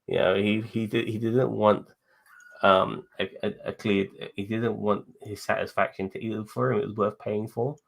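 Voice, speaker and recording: A podcast co-host with a fairly low, gravelly voice and flat delivery speaks at a normal speed. He chats casually and rambles, swearing a lot and laughing while he talks.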